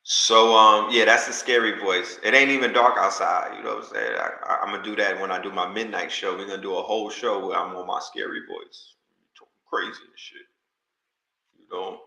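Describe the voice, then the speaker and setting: A man's voice: fairly low pitch, bright, forceful tone. Laid-back slangy male host. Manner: slangy, loose, talks straight to the audience. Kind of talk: casual livestream chat. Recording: roomy echo.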